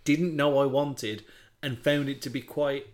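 A young man co-hosting a casual podcast chat, wry and jokey, quick to laugh. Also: medium pitch, fairly even intonation. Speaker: podcast co-host.

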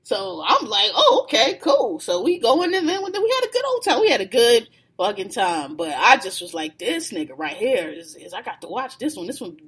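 A woman's voice: mid-range voice, brisk, hardly any pauses, husky. A woman telling a story in casual chat, laughing and acting out what people said. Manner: animated, laughing, acts out quoted lines.

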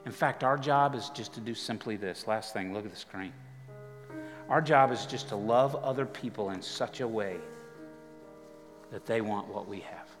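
A male pastor preaches in a live church hall, his voice carrying a long reverb tail. Music plays softly underneath as he tells his story. He talks casually, rising into animated bursts and dropping to near whispers. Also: on the low side, moderate pace. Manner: conversational, animated storytelling with dramatic drops to quiet. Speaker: guest pastor. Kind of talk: storytelling sermon.

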